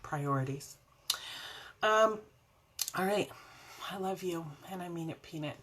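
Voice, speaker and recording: A woman hosting a casual faith vlog from home, chatting warmly and rambling into tangents with frequent laughs. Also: lowish voice, measured pace, background noise. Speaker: faith vlogger and show host. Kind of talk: casual devotional chat to camera.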